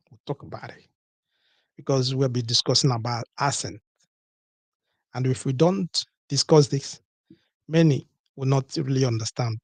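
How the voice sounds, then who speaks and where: Gravelly husky-voiced man hosting a podcast. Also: medium pitch, no echo. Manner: rhetorical, repeats points with "okay?" and "what?". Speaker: podcast host. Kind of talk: solo podcast talk.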